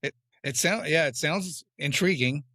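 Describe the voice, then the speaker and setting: A man's voice: a little high, unhurried, pushed and bright, no room sound, studio quality. A man hosting a podcast interview who asks his questions in a hesitant way and thinks aloud with restarts. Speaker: podcast host. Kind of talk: casual interview.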